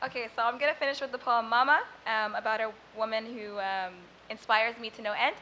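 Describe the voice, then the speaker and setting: Young Sudan-born woman poet, Arabic native, high voice, bright tone, chatty and rhythmic. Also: fairly even intonation, brisk, slight background noise, poor audio. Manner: chatty and self-deprecating between poems, rhythmic when reciting. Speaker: spoken word poet. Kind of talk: live spoken word performance.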